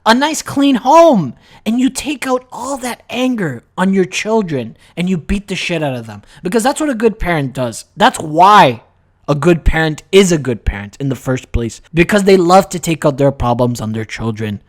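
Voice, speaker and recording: Young dude doing a crude comedy rant, brash and boastful, voice swings up and down a lot. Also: male voice, high-pitched, sing-song, normal speed. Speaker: comedy vlogger.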